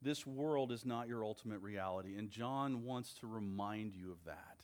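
A man preaching a sermon as a pastor, earnest and measured, with deliberate pauses. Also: fairly low pitch, darkish tone.

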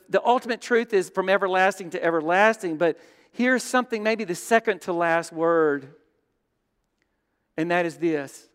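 A man preaching a sermon as pastor, telling stories and dropping from loud to hushed. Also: high-pitched, clear, resonant tone. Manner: storytelling, shifts between loud and hushed. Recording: long hall reverb.

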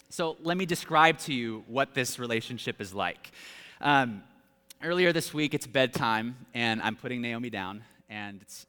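A man in his thirties, a pastor telling humorous family stories in an animated, self-deprecating sermon, with long hall reverb. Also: mid-range voice, smooth. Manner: animated, self-deprecating, with laughs and acted-out quotes. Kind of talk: storytelling sermon.

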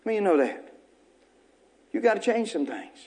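High-voiced preacher man. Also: big pitch swings, moderate pace, darkish tone. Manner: call-and-response preaching, repeating short phrases to the congregation; folksy, joking asides. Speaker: pastor. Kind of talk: sermon.

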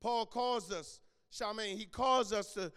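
A man preaching a sermon in a church, repeating and restarting phrases, calling out members by name and rising to shouts. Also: sits high, a little slow, clear, resonant tone. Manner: repetitive stammering restarts, names congregants, builds to shouting. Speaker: pastor. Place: church sanctuary. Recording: long hall reverb.

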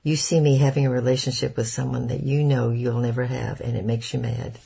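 A man reading the lines of a proud, hot-tempered young woman in an audiobook, with sharp, defiant retorts. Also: medium pitch, level tone, a little fast, vocal fry, husky, exaggerated voice. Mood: angry.

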